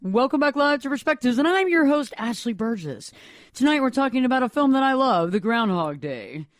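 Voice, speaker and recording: High-voiced, lively male radio host. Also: a little fast, no echo, clean studio sound. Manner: animated, laughs easily, repeats words. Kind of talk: casual radio chat. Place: radio studio.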